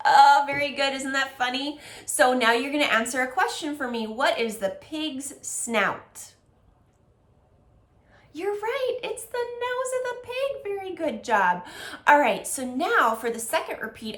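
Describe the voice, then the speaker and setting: A woman's voice: high-pitched, very animated, normal speed, a bit bright, reverberant. A woman teaching a music lesson to young children, with an encouraging, sing-song delivery that breaks into rhythmic chants.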